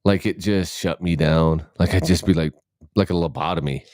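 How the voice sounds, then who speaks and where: A man's voice: sits low, steady tone, normal speed, a little mellow, no echo, clean studio sound. A middle-aged man co-hosting a podcast, chatting casually and rambling, cutting himself off and swearing freely. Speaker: podcast co-host. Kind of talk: casual chat.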